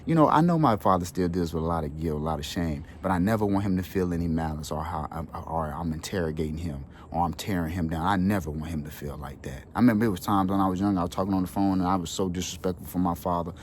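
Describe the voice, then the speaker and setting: Earnest low-voiced man telling a personal story. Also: fast, hardly any pauses, slight background noise. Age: adult with children. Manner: emotional, earnest, casual street slang. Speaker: wellness channel host.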